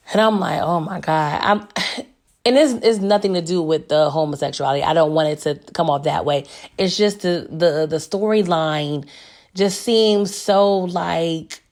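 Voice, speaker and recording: Woman, hoarse strained voice, slightly low pitch, casual animated recap chat, laughs a lot. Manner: animated, laughing, talks to viewers as "y'all". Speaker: TV recap reviewer.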